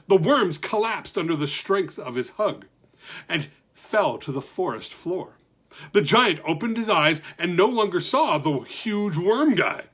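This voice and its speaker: A man reading a children's story aloud with lively, expressive narration. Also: high-pitched, measured pace, husky.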